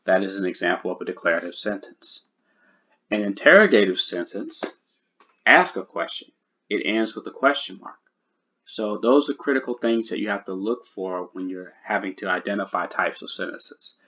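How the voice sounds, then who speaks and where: A man with a fairly low voice teaches a grammar lesson. He talks slowly and deliberately and goes back over each key point. The recording sounds dull and lo-fi. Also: a bit bright.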